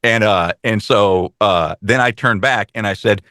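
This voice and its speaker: A man co-hosting a casual talk show, telling stories fast with lots of quoted dialogue and some swearing. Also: lowish voice, pushed and bright, dry recording, studio quality. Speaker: podcast co-host. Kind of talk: casual chat.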